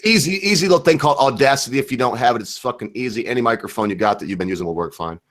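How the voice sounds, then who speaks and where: A man's voice: medium pitch, rapid-fire, a bit bright. A drunk man from Michigan hosting a casual livestream chat, crude and rambling. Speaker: livestream host.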